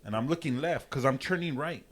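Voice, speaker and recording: A man's voice: medium pitch, fairly quick. A man co-hosting a podcast, telling a traffic story in casual chat full of swearing and laughing asides. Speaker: podcast co-host.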